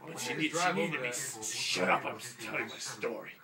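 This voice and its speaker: A young man improvising a loud, profane navy hero who brags through his tall tales and breaks into laughter. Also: mid-range voice, brisk, creaky, a loud crowd, natural voice. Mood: boastful. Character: brash boastful male navy hero telling tall tales. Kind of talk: improvised comic monologue.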